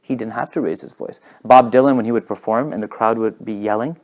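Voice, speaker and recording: A man telling stories in a casual talk, talking fast and animated, sometimes dropping to a whisper for effect. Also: on the low side. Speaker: guest speaker.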